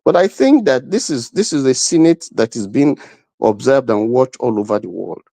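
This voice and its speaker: A man's voice: mid-range voice, expressive, moderate pace, gravelly, warm tone, no room sound. A middle-aged man, arguing emphatically as a panel guest and repeating himself. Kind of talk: heated debate.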